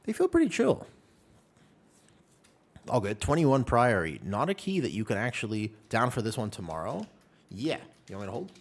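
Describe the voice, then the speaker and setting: A man chatting casually with his viewers while streaming a game, telling stories in an animated way. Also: medium pitch, normal speed, pauses often, breathy edge.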